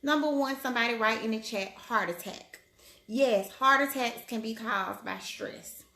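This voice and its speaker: A woman's voice: on the high side, moderate pace, sharp tone. A woman, a family doctor, chatting casually on a live stream and greeting viewers by name in a lifted voice. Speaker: family medicine physician hosting a live stream. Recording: roomy echo.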